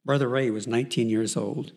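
A man's voice: medium pitch, fairly even intonation, brisk, gravelly, darkish tone. A man earnestly telling his Christian faith testimony as a story, with frequent fillers and restarts. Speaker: person giving a Christian testimony.

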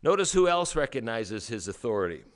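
A man's voice: medium pitch, sing-song. Resonant-voiced man preaching a sermon. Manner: emphatic preaching, rhetorical questions, dramatic pauses. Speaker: pastor.

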